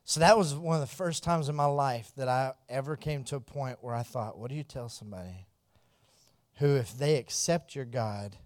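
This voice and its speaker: A man telling a mission story as a testimony. He laughs often, acts out the dialogue and drops to a hushed, earnest tone when it turns serious. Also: medium pitch, normal speed, no echo, clean studio sound.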